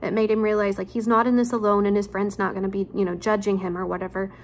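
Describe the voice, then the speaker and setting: A woman's voice: mid-range voice, little pitch movement, fast talker. A woman teacher at home, chatting casually with her students and retelling a story in an informal way, with frequent ums and asides. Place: at home, near a laundry room.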